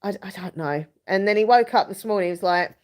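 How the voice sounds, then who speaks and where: A woman's voice: medium pitch, fairly quick, a little mellow. Chatty woman rambling on a live stream. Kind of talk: casual live chat, reading comments.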